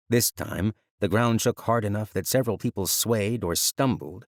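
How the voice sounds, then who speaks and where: A man narrating a fantasy audiobook in a measured, even storytelling manner, recorded close on a studio mic. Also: fairly low pitch, dry recording.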